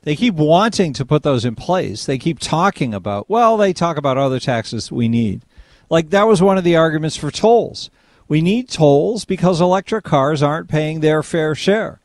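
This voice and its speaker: A male talk radio host takes calls and answers in a conversational, agreeable way. His pitch moves around a lot and sits a bit high. The sound is dry and close. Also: lively intonation, normal speed, a little mellow, no echo. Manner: conversational, agreeable, reacting to callers.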